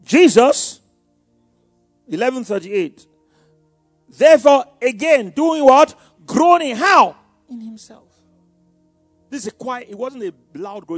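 A man preaches with a high, lively voice that leaps between near-whispers and shouts, drawing call-and-response from his listeners. The sound is dry and close, with faint music underneath. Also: slow, pauses often, husky, dry recording. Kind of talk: sermon.

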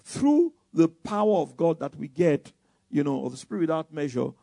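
A man preaches a sermon, animated and throwing out rhetorical questions. His voice sits a little high with a gravelly edge. The sound is close and dry. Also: normal speed, dry recording.

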